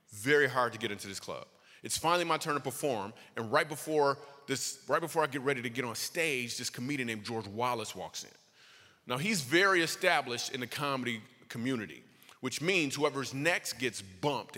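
A man doing stand-up storytelling as a comedian, animated, his voice leaping high for punchlines. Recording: long reverb of a hall.

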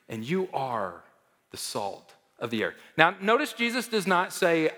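A man preaching a sermon as pastor, emphatic, rising to loud stresses and dropping to soft endings. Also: medium pitch, very animated, normal speed. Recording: long reverb of a large hall.

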